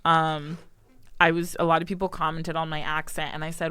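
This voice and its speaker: Smooth-voiced young woman co-host, dry. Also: deep voice, a little fast, no room sound. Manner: animated, laughs often, conversational. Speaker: podcast co-host. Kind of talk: casual chat.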